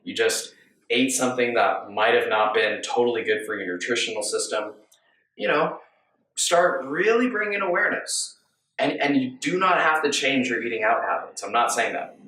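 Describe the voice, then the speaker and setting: Male coach, calm musing delivery full of questions, roomy echo, sits back from the mic. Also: mid-range voice, slight background noise. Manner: gentle, musing, rhetorical questions. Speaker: mindful eating coach. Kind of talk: reflective self-help talk. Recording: echoey room, distant from mic.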